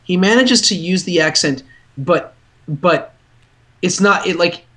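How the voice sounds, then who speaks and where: A man co-hosting a podcast, talking casually and quickly about a movie, often restarting his sentences. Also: sits high, lively intonation, pushed and bright. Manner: quick, chatty, self-interrupting. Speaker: podcast co-host. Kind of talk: casual chat about a film.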